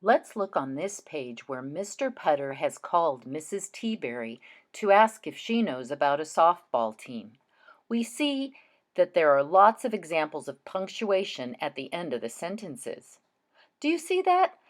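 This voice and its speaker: Slow, expressive woman teacher. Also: sits low. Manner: expressive, deliberate, demonstrates reading aloud. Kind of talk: recorded reading lesson for children.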